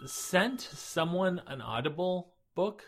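A man's voice: high-pitched, animated, slow, a bit bright. A man co-hosting a podcast, chatting casually and rambling with fillers and restarts. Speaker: podcast co-host. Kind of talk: casual chat.

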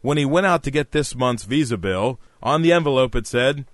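A man hosting a scripted comedy podcast, delivering one-liners deadpan. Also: mid-range voice, a little fast, no echo, studio quality. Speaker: podcast host.

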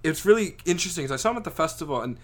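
A man's voice: on the high side, expressive, very fast, a bit bright. A young man chatting casually, rambling through a story with lots of filler words. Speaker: friend telling a story. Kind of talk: casual chat.

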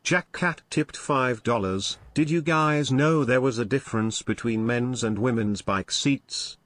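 A man's voice: mid-range voice, a little slow, very noisy. A man co-hosting a livestream who reads donation messages aloud. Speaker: co-host reading donations. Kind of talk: reading tip messages aloud.

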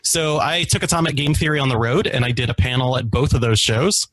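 A man's voice: medium pitch, a little fast, fairly bright tone. Easygoing man, guest on a chat. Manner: easygoing, laughs often, searches for words. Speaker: podcast guest. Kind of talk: casual podcast chat.

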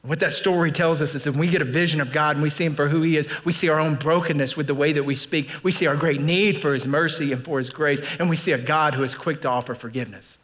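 A man preaching a sermon as pastor, animated and folksy, often repeating phrases and joking with the congregation. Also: fairly high pitch, fast, few pauses.

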